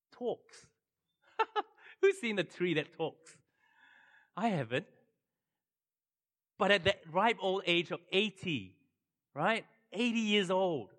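A middle-aged man preaching a sermon and telling the story with animated swings from loud to hushed. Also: high-pitched, big-room sound. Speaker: pastor.

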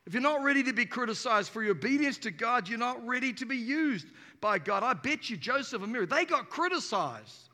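A man preaching an energetic sermon to a congregation in a church auditorium, emphatic and playful. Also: extremely high pitch, brisk, hardly any pauses. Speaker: pastor. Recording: reverberant hall.

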